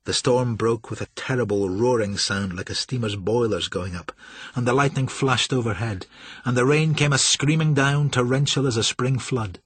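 A man reading a novel aloud in measured, steady scripted narration. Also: mid-range voice, breathy edge, no echo. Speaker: audiobook narrator.

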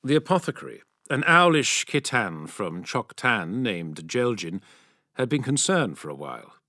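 A male audiobook narrator who reads in a dramatic, expressive way. His intonation swings widely while his pitch stays mid-range for a man. The recording is dry and close, with no room sound. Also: a little slow, dry recording.

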